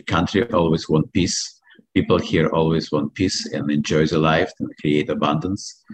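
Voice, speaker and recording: Very deep Belarusian-accented middle-aged man. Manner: earnest, hesitant, many uh pauses. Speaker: guest. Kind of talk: interview answers.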